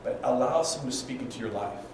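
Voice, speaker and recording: A middle-aged man preaching a sermon as pastor, telling stories and acting out quotes with big swings from soft to loud. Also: medium pitch, fast, a little hiss or hum. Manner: storytelling preacher, acts out quotes, dynamic swings in volume. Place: church sanctuary. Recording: echoey church hall, mic at a distance.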